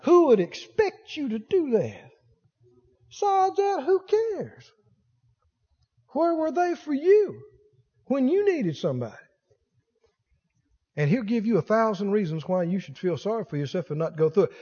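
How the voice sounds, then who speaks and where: A man's voice: extremely high pitch, big pitch swings, unhurried, long pauses, dark tone, slightly rough. A man preaching a sermon in a folksy, colloquial way, firing rhetorical questions at his congregation. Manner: colloquial, uses "ain't". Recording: dull lo-fi sermon recording with long hall reverb.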